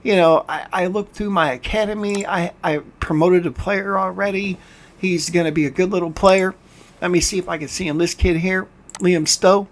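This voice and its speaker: Playing a game on his channel, an older man delivers frustrated, ranting commentary over screen capture, frequently tripping over words and starting again. He speaks in a high voice with fairly even intonation at normal speed.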